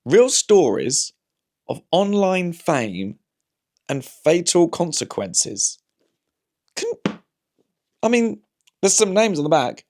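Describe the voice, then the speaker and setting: A man's voice: high-pitched, sing-song, takes it slowly, long pauses, a little mellow. Wry man, rambling comic monologue. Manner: wry, anecdotal, talks himself through hypotheticals with frequent restarts. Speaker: comedian and vlog host.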